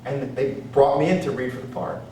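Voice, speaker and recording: A man performing a one-man stand-up show, telling brash stories that swing between loud punchlines and quiet asides. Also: mid-range voice, fairly even intonation, fairly quick. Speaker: stand-up comedian. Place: stage in a theater. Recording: roomy, distant live stage recording with noise.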